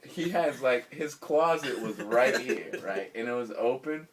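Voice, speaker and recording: A man's voice: medium pitch, a little slow, distant mic, crowd noise. A young man telling a story to his friends in slangy casual talk, laughing as he goes. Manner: animated, slangy, often laughing mid-story. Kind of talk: casual anecdote among friends.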